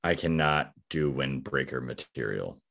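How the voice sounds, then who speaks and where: A man's voice: very deep voice, animated, measured pace, creaky, a bit bright. A man chatting casually and telling rambling, laid-back stories with plenty of slang. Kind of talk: casual chat.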